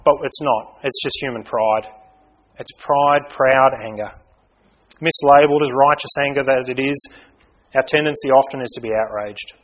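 A male preacher delivers a sermon in an earnest, pastoral voice. His pitch sits in an ordinary middle range. He leans into key words loudly and falls to soft, low asides. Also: moderate pace, low-quality recording. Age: young adult to middle-aged. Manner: earnest, rises to loud emphasis then drops low.

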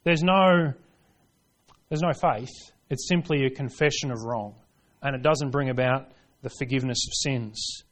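A man preaching a sermon, reading scripture aloud and driving points home, swinging between hushed lines and forceful ones. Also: medium pitch, measured pace. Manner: reads scripture aloud in King James wording.

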